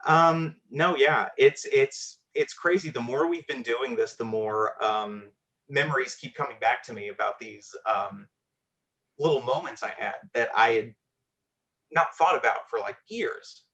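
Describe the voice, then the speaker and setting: A man's voice: medium pitch, measured pace, pushed and bright. A man telling a personal story on a storytelling show, conversational and self-deprecating, with fillers.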